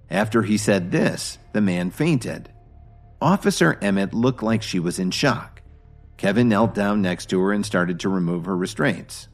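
A man reads a story aloud in a low, husky voice. His delivery swings lively up and down, with faint music underneath. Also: normal speed. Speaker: narrator. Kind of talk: scripted narration.

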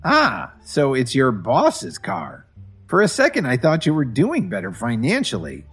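A man's voice: medium pitch, wildly swooping pitch, unhurried, breathy edge, faint music behind, full character voice. A man voicing a domineering, scornful middle-aged mother who nags and talks down to people. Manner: nagging, contemptuous, loud.

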